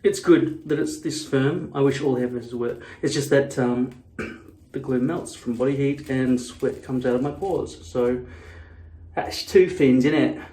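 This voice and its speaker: A man's voice: mid-range voice, steady tone, unhurried, mellow. A man vlogging casually to camera, blunt and profane, wandering into rambling asides. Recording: echoey room.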